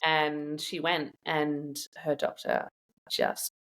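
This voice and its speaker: A woman in a casual interview, telling personal stories in a chatty, animated way and laughing often. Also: deep voice, slow. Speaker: guest sharing her own experience.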